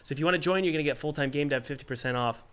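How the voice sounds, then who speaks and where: Bright-voiced man with a cold. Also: fairly high pitch, rapid-fire, clear, resonant tone. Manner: energetic, rambling, jokey. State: has a cold, coughing. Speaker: game developer hosting a live Q&A stream. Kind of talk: casual livestream advice.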